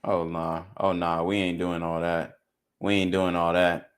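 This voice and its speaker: A man's voice: low voice, flat delivery, a little slow, clean tone. A man hosting a podcast, reacting to clips with blunt, slangy commentary and lecturing his listeners. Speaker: podcast host.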